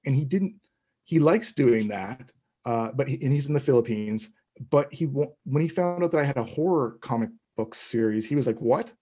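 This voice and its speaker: A man's voice: mid-range voice, warm tone, slightly rough. A middle-aged man, a comic book creator, answering interview questions in a loose, rambling way with many restarts. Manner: rambling, hesitant, full of restarts. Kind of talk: casual interview talk.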